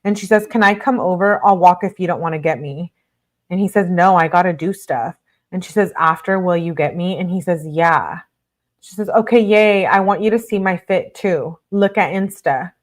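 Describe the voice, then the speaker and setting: A woman with a lowish voice reads a string of text messages aloud as a true-crime host. She moves through them briskly and stops now and then to add blunt comments of her own. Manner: brisk reading punctuated by blunt asides.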